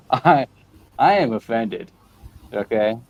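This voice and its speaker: A man's voice: mid-range voice, expressive, slow, lo-fi sound. A man hosting a casual chat while drawing, playful and goofy, with mock-offended banter. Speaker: host.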